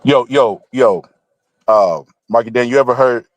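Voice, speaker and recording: A man hosting a casual online show, teasing his co-host and telling jokes with quick put-on voices. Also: medium pitch, no echo. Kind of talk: casual trash-talk banter.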